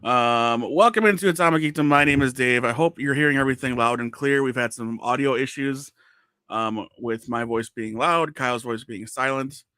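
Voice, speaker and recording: A man hosting a casual podcast, joking and teasing his co-host with quick asides. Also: medium pitch, bright, forceful tone, smooth, dry recording, clean studio sound.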